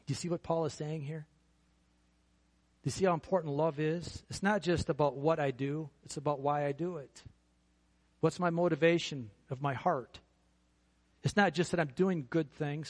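A man's voice: fairly high pitch, moderate pace. A middle-aged man preaching a sermon in a church, earnest and building to fervent emphasis. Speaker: pastor.

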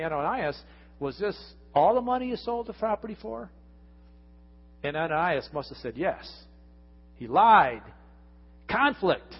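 A man preaching a conversational sermon as pastor, his voice swinging from loud emphasis down to hushed lines. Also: fairly high pitch, slightly rough. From United States. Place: church sanctuary. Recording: lo-fi church recording with long reverb and faint music.

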